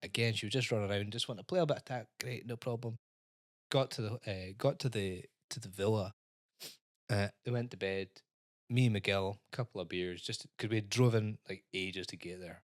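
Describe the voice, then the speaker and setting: This Scottish podcast co-host, a man, spins a long holiday story in relaxed conversation, cursing and mimicking other people. His voice is lowish and fairly level, a touch quick, captured clean in the studio without echo.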